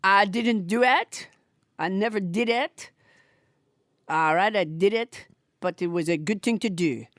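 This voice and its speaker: A woman's voice: medium pitch, a little slow, long pauses, no echo, clean studio sound, pitched below the performer's own voice, natural voice. A woman voicing a pompous male puppet president with a French tinge, boasting and proclaiming. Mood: blustering. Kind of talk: improvised puppet bit.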